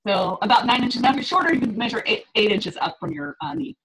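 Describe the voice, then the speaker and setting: A woman's voice: fairly high pitch, animated, fast, gravelly, noisy background. Chatty, laughing woman fitness coach. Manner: chatty, laughs often, acts out clients' reactions. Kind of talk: group coaching call.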